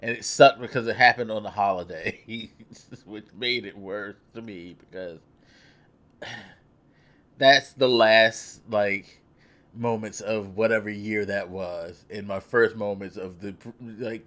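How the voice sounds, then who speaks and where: A man's voice: on the low side, fairly bright tone. A young man vlogging, telling a story in a loose, profane, self-mocking way. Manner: loose, profane, laughing at himself. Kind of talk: casual storytelling.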